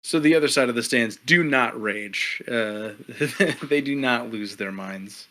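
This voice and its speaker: A man's voice: mid-range voice, measured pace, bright, forceful tone. A man running a tabletop game as game master, easygoing and chuckling, with many fillers. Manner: easygoing, laughs often, filler-heavy.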